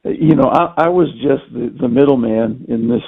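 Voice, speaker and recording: Gravelly man on a tinny phone line. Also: medium pitch, normal speed. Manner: hesitant, repeats words as he restarts. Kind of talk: casual conversation.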